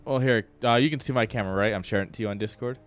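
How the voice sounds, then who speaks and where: A man's voice: fairly low pitch, rapid-fire, soft background music. A man casting a game stream, chatting casually and teasing with lots of laughs. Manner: joking, teasing, laughs often. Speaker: esports caster.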